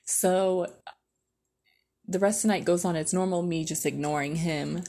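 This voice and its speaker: A woman's voice: fairly low pitch, fairly even intonation, normal speed, warm tone. A young woman casually telling a personal story as a podcast host, chatty and profane, with lots of "like". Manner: chatty, filler-heavy with constant "like", profane.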